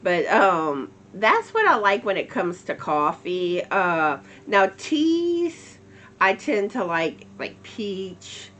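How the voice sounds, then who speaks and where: A woman hosts her knitting channel in an easygoing chat to camera. She talks slowly and meanders, filling pauses with "um" and "y'all". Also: medium pitch, very animated, a little hiss or hum. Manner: chatty, warm, uses "y'all", many fillers.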